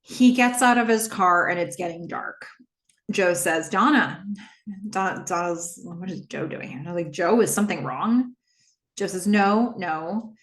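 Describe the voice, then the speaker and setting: A woman hosting a podcast, casually retelling a TV episode scene by scene and acting out the characters' lines. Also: a little slow. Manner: animated retelling, quoting characters with shifting pitch. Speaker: podcast host recapping a TV episode. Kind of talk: casual recap with acted-out dialogue. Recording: roomy echo.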